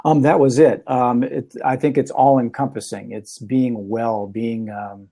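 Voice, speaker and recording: A man with a Minnesota accent hosting a casual video-call chat, talking in a relaxed, rambling, folksy way. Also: medium pitch, measured pace. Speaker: show host. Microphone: earbud headset.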